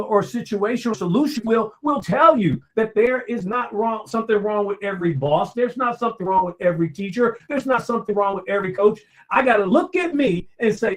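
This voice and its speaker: Male motivational speaker, high-pitched, preacherly, direct asides to the listener. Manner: preacherly, repeats phrases for emphasis. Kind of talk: motivational talk.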